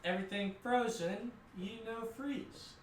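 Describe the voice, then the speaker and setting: A man's voice: sits high, measured pace, echoey room, far from the mic, background noise. A man playing a tabletop game, laid-back with short replies. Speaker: player. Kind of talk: casual tabletop game chat.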